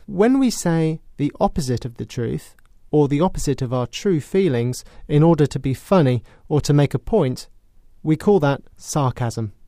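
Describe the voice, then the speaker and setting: A British man narrates a radio English lesson in a clear, careful, explanatory way. His voice is fairly high for a man, yet mellow and warm. The sound is close and dry, like a studio. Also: animated, no room sound. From Britain. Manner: clear, measured, explanatory, with acted sarcastic example lines. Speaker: English teacher presenting a lesson. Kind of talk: scripted educational narration.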